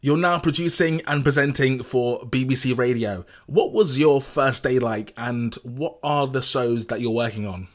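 A man's voice: mid-range voice, normal speed, hardly any pauses. Guy interviewer, asks short direct questions.

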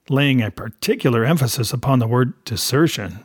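A man reads a novel aloud at a steady, measured pace, his voice mid-pitched and ordinary for a man. The recording is dry and close, with no room around it. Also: dry recording. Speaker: reader.

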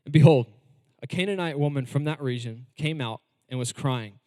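A man preaching a sermon in a conversational style, leaning on words and slowing down for emphasis. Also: mid-range voice, mellow, no room sound, big-room sound. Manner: conversational preaching with varied emphasis and slow stresses. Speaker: pastor.

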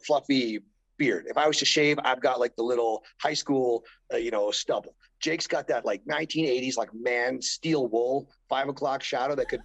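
A man's voice: medium pitch, creaky, slightly rough, no room sound, low-quality recording. A middle-aged man, a former pro wrestler, rambling through profane stories in a casual interview and acting out the voices of people he quotes.

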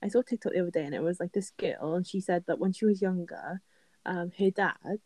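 A woman's voice: fairly low pitch, brisk, a little mellow, no room sound, poor audio. A young woman, chatting casually as an advice co-host and using lots of "like" fillers. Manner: chatty, filler-heavy, laughs often. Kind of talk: casual chat.

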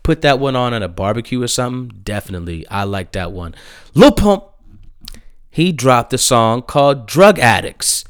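A young man giving casual, blunt music reviews, swearing and breaking into animated, emphatic outbursts. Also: mid-range voice, moderate pace, clear, resonant tone, dry recording, clean studio sound.

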